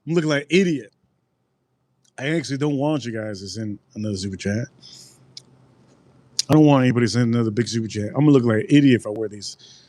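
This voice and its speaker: A man's voice: medium pitch, quick pace, long pauses, darkish tone, no echo. A man rambling through a casual live-stream food review, repeating himself and answering his chat. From United States.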